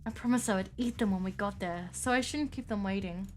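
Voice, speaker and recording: A woman's voice: medium pitch, fairly quick, a little hiss or hum, lightly acted. A woman voicing a haughty ancient vampire recluse. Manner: haughty and archaic, calmly menacing. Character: lonely ancient female vampire hermit, morbid.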